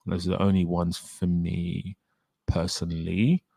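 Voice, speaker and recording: Answering viewer questions on a relaxed livestream, this young male host is chatty and opinionated and reads chat comments out loud. He talks at a measured pace in a low, level voice that is mellow, slightly rough, and carries vocal fry. The audio is dry and studio-clean.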